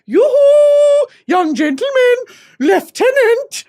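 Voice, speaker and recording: Woman putting on a shrill giddy flirt. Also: big pitch swings, slow pace, mellow, heavily acted. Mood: giddy hollering. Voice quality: shrill, sing-song hollering. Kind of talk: comedic skit in a podcast.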